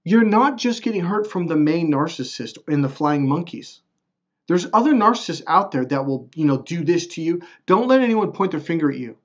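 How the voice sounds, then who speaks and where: A man's voice: a little high, moderate pace, lo-fi sound. A man hosting a self-help video, talking casually to the camera and acting out quotes in a raised voice. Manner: animated, acts out quotes in a raised voice. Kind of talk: casual direct-to-camera talk.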